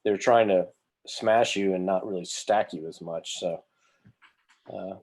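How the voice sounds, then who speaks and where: A man's voice: low-pitched, measured pace, a little mellow. A man talking as a guest on a podcast over a video call, rambling with fillers and poking fun at himself. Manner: rambling, self-deprecating, many fillers. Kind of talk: casual interview chat.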